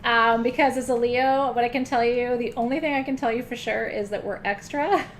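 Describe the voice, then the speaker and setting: A woman's voice: a little high, steady tone, fairly quick, a little hiss or hum. Laughing, joking woman host. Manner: joking, self-mocking, swears casually, laughs often. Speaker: host of an online spiritual ceremony. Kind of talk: live-streamed casual chat.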